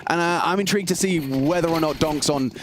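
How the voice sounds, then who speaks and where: A man giving energetic play-by-play commentary on an esports match, calling the action quickly. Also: on the high side. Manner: energetic, rapid calls of the action. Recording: game sound noise behind.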